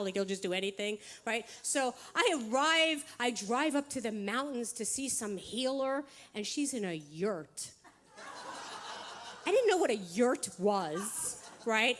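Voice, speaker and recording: A woman giving an inspirational talk to a live audience, telling a self-mocking story in quick bursts, laughing often and checking in with "right?". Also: on the high side, animated, fairly bright tone, slight background noise. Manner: rapid bursts with frequent "right?" asides. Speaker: motivational speaker. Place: spiritual center hall.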